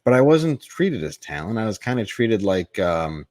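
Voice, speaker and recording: A man with a deep, low voice tells a long candid story as a podcast guest. He is blunt and profane, circling back with restarts as he goes. The sound is close and dry. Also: sing-song, normal speed, a little mellow, no echo. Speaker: comedian guest.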